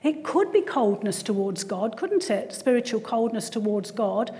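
A woman's voice: fairly high pitch, very animated, normal speed, warm tone. Chatty woman in an echoey hall. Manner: conversational, frequent tag questions. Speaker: Christian speaker and GP. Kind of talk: church talk.

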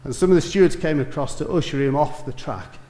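A man preaching a sermon, telling a story that swells to emphatic peaks and drops to soft, quiet lines. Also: fairly high pitch, brisk, echoey room.

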